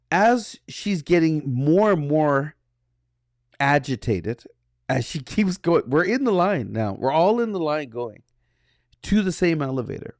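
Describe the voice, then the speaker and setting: A man co-hosting a podcast, telling a personal story in a casual way and acting out the dialogue with animated energy. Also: on the high side, unhurried, dry recording, studio quality. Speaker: podcast co-host.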